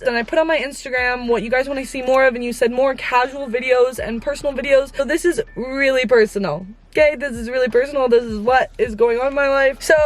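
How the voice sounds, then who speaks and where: Rambling candid young woman in her car. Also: high voice. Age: late teens. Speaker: Christian influencer vlogger. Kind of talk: casual confessional vlog. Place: inside a parked car. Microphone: on-camera mic.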